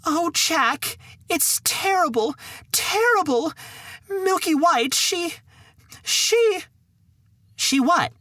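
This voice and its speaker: Guy doing a squeaky worried storybook mum, wails way up high, bright and dry. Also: lively intonation, very slow, pauses often, no echo, exaggerated voice. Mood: distraught. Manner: wailing, high falsetto. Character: poor old mother, fretful and shrill.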